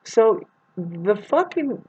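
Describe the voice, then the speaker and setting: A woman vlogger rambling through a profane spiritual monologue, swinging from soft to loud. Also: medium pitch, sing-song, very slow, slightly rough, muffled recording.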